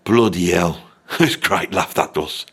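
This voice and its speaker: A man's voice: sits low, moderate pace, a bit bright, husky, heavily acted. A man performing a brash, boastful male character with a Birmingham accent, ranting about rock stars in a comedic monologue and swearing constantly. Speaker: comic character host.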